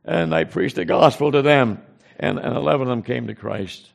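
Gravelly-voiced guy preaching, walks folks through his mission trip slides, repeats himself a lot. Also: medium pitch, expressive, moderate pace. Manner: earnest storytelling, repeats phrases, often restarts. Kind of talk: informal mission report to a congregation.

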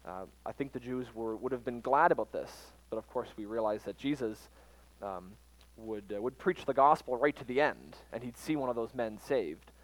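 A man teaching from the Bible in an informal sermon, pausing often with fillers and restarting his sentences. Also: medium pitch, low-quality recording. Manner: halting, frequent fillers and restarts. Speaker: preacher.

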